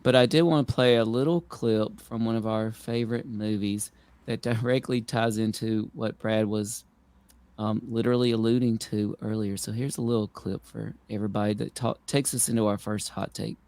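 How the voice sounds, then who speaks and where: A man's voice: on the low side, steady tone, moderate pace, a little mellow, dry recording. A man hosting a podcast in a casual, musing, easygoing way. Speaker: podcast host. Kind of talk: casual chat.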